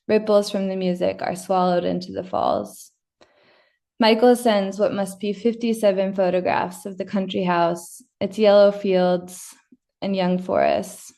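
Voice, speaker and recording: A woman giving a measured, deliberate reading of her own first-person literary fiction. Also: medium pitch, creaky, dark tone. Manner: measured, deliberate reading with occasional slips and restarts. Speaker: prize-winning fiction writer reading her story.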